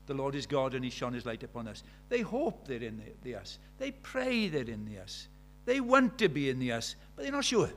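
A man's voice: medium pitch, wildly swooping pitch, fairly quick, few pauses, a bit bright, slight background noise. An older man, preaching a sermon in a conversational way, full of rhetorical questions.

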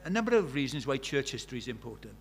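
A man preaching a sermon, animated and rhetorical, asking the congregation questions and acting out the voices he quotes. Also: medium pitch, rapid-fire, slight background noise.

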